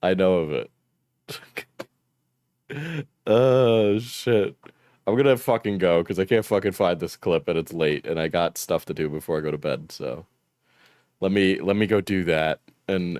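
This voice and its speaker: A young man chatting casually on a stream while he reacts to clips, loose and profane and quick to laugh. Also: deep voice, darkish tone, dry recording, studio quality.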